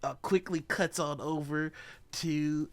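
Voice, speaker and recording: A game master narrating a tabletop game in an animated way and laughing often. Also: medium pitch, slow, no echo.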